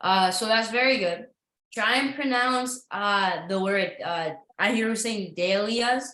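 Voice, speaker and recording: A woman's voice: medium pitch, unhurried, bright, forceful tone, reverberant, rough recording. A woman teaching an English lesson to a class, patient and encouraging, with frequent ums and uhs as she explains.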